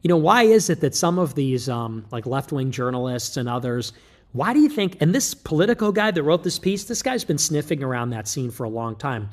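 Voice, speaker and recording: A man giving a rambling livestream monologue, breaking off mid-thought and starting again with quick asides. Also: medium pitch, big pitch swings. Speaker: political streamer.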